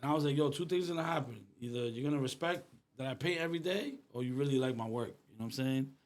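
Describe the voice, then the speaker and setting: A man's voice: medium pitch, fast. A middle-aged man from Rhode Island, an artist, telling stories in casual street slang and saying "bro" a lot. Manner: animated storyteller, street slang, says "bro" often. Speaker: artist, guest. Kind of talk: casual conversation.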